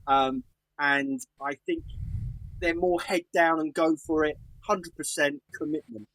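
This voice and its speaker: A man's voice: on the high side, fairly even intonation, unhurried, a bit bright, rough recording. A man with a Cockney accent co-hosting a podcast. He gives blunt album opinions in casual chat, with dry humor. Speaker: podcast co-host.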